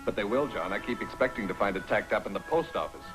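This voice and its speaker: An actor playing a dry, quick-witted army sergeant in a 1950s film comedy who gives the orders. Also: male voice, lowish voice, animated, over music, close to an everyday voice, rough recording. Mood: wry. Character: wry, take-charge male army sergeant.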